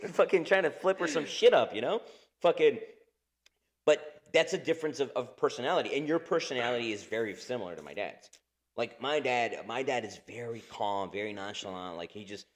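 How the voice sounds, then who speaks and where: A man in his thirties co-hosting a podcast in casual chat, rambling, swearing a lot and laughing often. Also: medium pitch. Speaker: podcast co-host.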